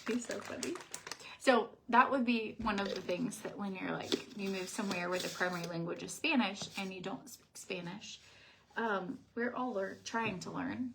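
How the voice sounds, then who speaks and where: A woman's voice: mid-range voice, normal speed, creaky, fairly bright tone, slight background noise. A woman vlogger in casual chat, chatty and laughing often.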